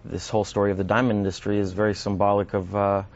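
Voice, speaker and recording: A man's voice: fairly low pitch, flat delivery, fast, dull audio. A man appearing as an actor guest on a TV interview, answering thoughtfully and often repeating words as he starts a sentence. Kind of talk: broadcast interview.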